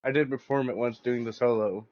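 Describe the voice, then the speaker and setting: A man's voice: mid-range voice, steady tone, brisk, a crowd in the background. Indignant young man on muffled mic. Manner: indignant, protesting, swears. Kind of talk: casual chat.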